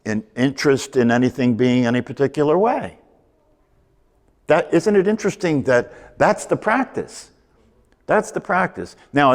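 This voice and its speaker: A man gives a meditation talk at an ordinary pitch, circling back over his points and throwing questions to the class. His voice rings out in a room with a long reverb tail. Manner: repetitive, emphatic, asks rhetorical questions. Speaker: meditation teacher. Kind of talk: spoken meditation teaching.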